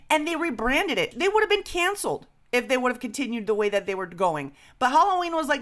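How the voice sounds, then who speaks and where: Animated, swearing young woman co-host. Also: high voice, brisk, hardly any pauses. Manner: animated, swearing, jokey storytelling. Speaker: podcast co-host. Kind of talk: casual chat.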